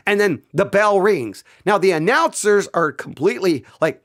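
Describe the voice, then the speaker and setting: A middle-aged man hosting his own channel, excitedly telling a story in casual talk and often repeating himself. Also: high voice, normal speed, few pauses. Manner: animated, repeats himself, breaks into laughter. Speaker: channel host.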